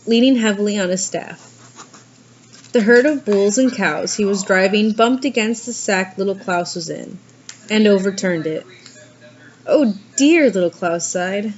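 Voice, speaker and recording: A woman reading a fairy tale aloud, shifting her pitch and pace to act out the characters. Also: muffled recording, a little hiss or hum. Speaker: reader.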